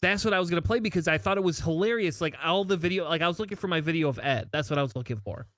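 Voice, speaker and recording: A man's voice: a little high, very fast, a bit bright. A man hosting a podcast in casual banter, rambling and cutting himself off as he jokes. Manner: rambling, self-interrupting, joking. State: has been drinking. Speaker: podcast host.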